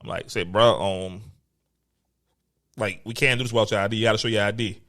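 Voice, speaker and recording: A man's voice: lowish voice, fairly quick. A man, co-hosting a podcast, telling a story in casual, profane chat and acting out the quotes. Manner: animated, profane, acts out quotes. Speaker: podcast co-host.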